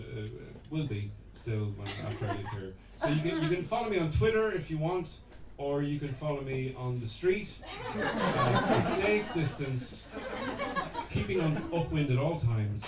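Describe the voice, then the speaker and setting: A man doing a rambling, self-mocking stand-up set in a small pub room, with the audience laughing. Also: medium pitch. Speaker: stand-up comedian. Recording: echoey pub room, far camera mic, loud noise.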